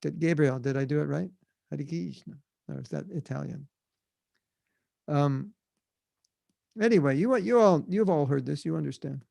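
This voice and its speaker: An American man teaching at a devotional seminar, his voice a little high for a man with a gravelly edge. He keeps the talk animated, slipping into small acted-out voices and laughing often. The sound is dry and close, as on a video call. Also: moderate pace, long pauses, no echo. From United States. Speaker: spiritual teacher.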